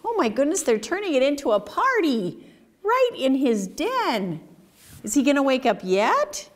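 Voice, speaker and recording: A woman's voice: high-pitched, unhurried. A woman reading a picture book aloud at a children's story time, asking the kids questions as she goes. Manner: animated, sing-song, asks children questions. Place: community library story time.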